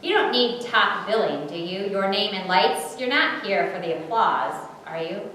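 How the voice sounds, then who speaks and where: Woman doing unseen divine voice as eager casting director, coaxing, lively pitch, boomy far-off church echo. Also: a little slow, slight background noise. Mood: earnest. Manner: warm, coaxing, enthusiastic questioning. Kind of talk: dramatic storytelling performance. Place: church sanctuary. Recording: very echoey hall, distant mic.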